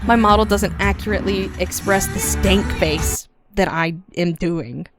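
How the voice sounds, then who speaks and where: A young woman, streaming a casual reaction, loud and profane with frequent exclamations. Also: medium pitch, measured pace, music in the background.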